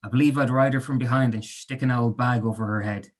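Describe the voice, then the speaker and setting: A man's voice: medium pitch, fairly even intonation, fairly quick, lightly acted. A man voicing a teenage boy who puts on a mock-formal posh voice to jeer at a friend. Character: teen boy mocking in a posh voice.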